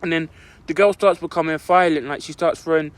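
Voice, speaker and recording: Young guy telling a story on a podcast, fairly high voice, says like a lot. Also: fairly even intonation, a little fast, no room sound. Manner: rambling, full of "like" fillers. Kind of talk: casual storytelling chat.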